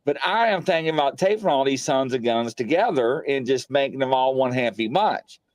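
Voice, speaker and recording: A man hosting a paranormal show from his home studio, telling stories in a rambling, animated way full of fillers. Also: medium pitch, fairly quick, dry recording. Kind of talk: casual live-stream chat.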